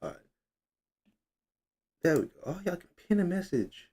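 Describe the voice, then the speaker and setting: A man's voice: high voice, very animated, normal speed, a little mellow, breathy edge. A young man hosting a casual livestream, chatting loosely, reading comments aloud and fumbling with his setup. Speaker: livestream host.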